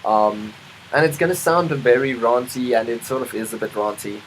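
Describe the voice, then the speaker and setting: A man from South Africa talks at a moderate pace in a medium-pitched voice, vlogging in a casual monologue that rambles. Ums, restarts and self-interruptions pile up, along with chatty asides about the weather. It's a rough recording with a little hiss or hum.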